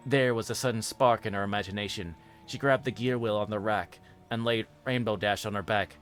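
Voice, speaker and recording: A man's voice: fairly low pitch, brisk, soft background music. Man reading a story aloud steadily. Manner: steady, even narration. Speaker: host and story reader.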